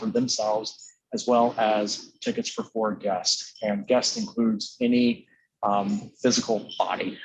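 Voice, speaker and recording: Halting man briefing graduating seniors. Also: lowish voice, slight background noise, low-quality recording. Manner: halting, filler-heavy, earnestly pleading. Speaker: college official addressing graduating seniors. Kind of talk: informational briefing to students.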